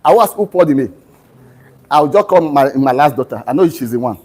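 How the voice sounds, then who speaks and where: A man's voice: mid-range voice, expressive, fast talker, darkish tone, breathy edge, poor audio. A middle-aged man with a Nigerian accent giving a live university lecture, constantly quizzing students with half-finished sentences and explaining ideas through everyday family stories. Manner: drills students with fill-in-the-blank questions ending in "what?"; teaches through homely family anecdotes. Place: lecture room.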